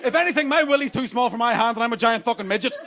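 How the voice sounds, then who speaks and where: Brash, high-voiced male stand-up comedian. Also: very fast. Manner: brash, crude storytelling. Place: comedy club stage. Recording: live club with audience noise.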